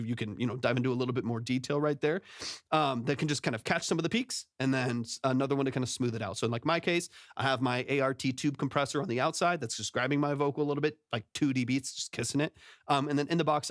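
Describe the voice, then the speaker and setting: A man's voice: mid-range voice, no room sound. A man hosting a music feedback livestream as a producer. He talks casually, thinking aloud and often checking in with "right?", into a close studio mic. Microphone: close studio vocal mic through compressors.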